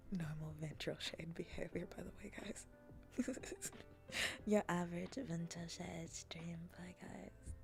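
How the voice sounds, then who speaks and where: A woman with a low, gravelly voice chatting softly to her viewers, often dropping to a half-whisper. She teases in a playful, mock-taunting way, and faint music plays behind her. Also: steady tone, slow. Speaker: streamer hosting a chat stream. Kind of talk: soft-spoken casual chat.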